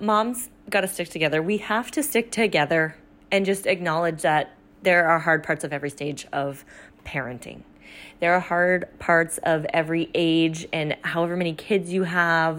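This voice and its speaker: A woman in her thirties hosting her own podcast, talking casually and animatedly, with frequent laughs and quick asides. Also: medium pitch. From Florida. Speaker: podcast host. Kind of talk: casual solo podcast chat.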